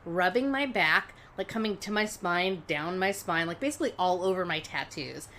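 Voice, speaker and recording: A woman's voice: fairly low pitch, moderate pace. A woman co-hosting a podcast, chatting casually, swearing and laughing as she tells stories. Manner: laughs often, swears casually, animated storytelling. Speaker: podcast co-host. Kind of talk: casual chat.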